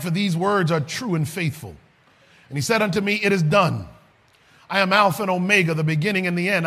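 A man preaching a sermon, reading scripture and building from quiet explanation into shouted, sing-song climaxes. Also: sits high.

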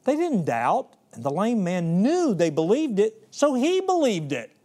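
A middle-aged man preaching a sermon, telling stories with big swings in pitch and loudness and slowing down to intone scripture. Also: wildly swooping pitch.

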